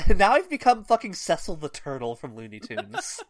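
A woman co-hosting a casual book-club podcast, recapping the story and cursing freely. Her pitch leaps around as she talks. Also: huge pitch swings, moderate pace, no echo. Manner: swears freely, recaps the plot and acts out the characters' lines. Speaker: podcast co-host.

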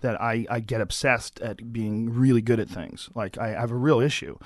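A man's voice: medium pitch, normal speed, no room sound. A man who is a comedian, a guest on a podcast, telling stories bluntly and with plenty of swearing. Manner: blunt, profane storytelling. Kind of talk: casual chat.

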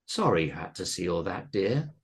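Man putting on a croaky old ghoul lady. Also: low voice, sing-song, moderate pace, full character voice. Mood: reassuring. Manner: sweetly menacing, calls people dear. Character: croaking monstrous old female school ghoul. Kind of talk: comedy horror story reading.

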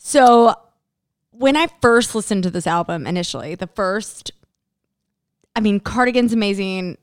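A woman co-hosting a casual chat, telling stories in an animated, chatty way. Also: mid-range voice, measured pace, no echo, studio quality. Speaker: podcast co-host.

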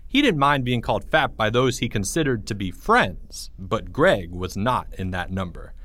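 A man reading a children's story aloud in a playful, expressive way. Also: fairly low pitch, moderate pace, dry recording. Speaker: narrator.

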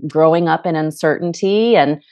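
A woman's voice: deep voice, moderate pace, a little mellow, dry recording, muffled recording. A middle-aged woman talking candidly as an author guest, laughing often and acting out her stories with animation. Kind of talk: casual conversational interview.

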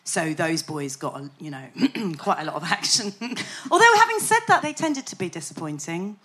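A woman's voice: on the low side, very animated, normal speed, fairly bright tone. A woman co-hosting a podcast, telling stories in a dry, wry way and laughing often. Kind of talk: casual chat.

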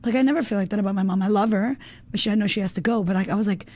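A woman in her thirties, a women's coach, talking as a guest in an animated, emotional way, full of fillers and the odd swear word. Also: medium pitch, racing. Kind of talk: casual chat.

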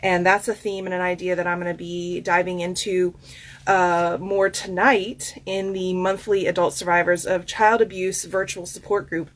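A woman's voice: on the low side, normal speed. Chatty Southern woman host. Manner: chatty and expressive, many fillers and asides. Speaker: host and life coach. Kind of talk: casual podcast monologue with card reading.

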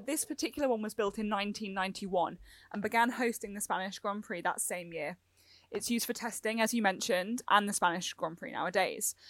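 A woman's voice: medium pitch, no echo. A woman co-hosting a podcast, talking through her notes in a chatty way with small fillers. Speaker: podcast co-host. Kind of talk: podcast discussion.

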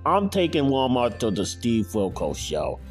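A man's voice: mid-range voice, huge pitch swings, unhurried, soft background music. A man hosting his own show, reading out football scores and his picks in a frustrated, muttering way. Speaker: podcast host. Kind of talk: casual solo sports picks recap.

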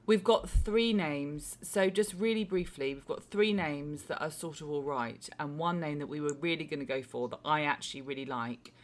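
A woman in her thirties with a low voice, talking frankly on a podcast the day after giving birth. She sounds tired and wry, and she often trails off softly. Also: normal speed, hardly any pauses. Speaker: podcast co-host. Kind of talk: casual chat.

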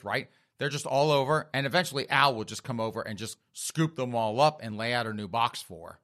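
A man's voice: mid-range voice, fairly bright tone. A man telling a comic story in a sardonic way, often addressing listeners as folks. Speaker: comedic storyteller. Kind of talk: comedic storytelling.

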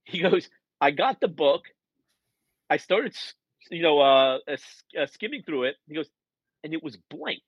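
A man's voice: on the high side, normal speed, pauses often, slightly rough, no echo, lo-fi sound. A man telling a story in a casual podcast conversation, acting out the quoted lines as he goes. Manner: animated storyteller, acts out quoted dialogue. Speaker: guest, author.

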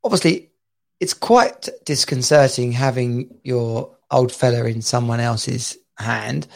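Slow and full of vocal fry, this mid-range voice belongs to an Englishman in his forties co-hosting a relaxed podcast. He tells animated stories and breaks into laughter frequently.

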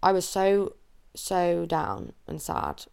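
A woman's voice: on the low side, very animated, slow pace, creaky, a little mellow, clean tone. A young woman from England hosting a solo podcast, talking openly and emotionally about her life in a chatty way, her voice cracking near tears at times. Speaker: podcast host. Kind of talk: solo confessional podcast chat. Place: at home under a blanket.

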